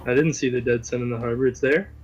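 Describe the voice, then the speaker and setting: Man calmly describing his character's actions. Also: mid-range voice, lo-fi sound, a little hiss or hum. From Canada. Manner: measured, deliberate, describing actions step by step. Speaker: tabletop game player. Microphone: video call.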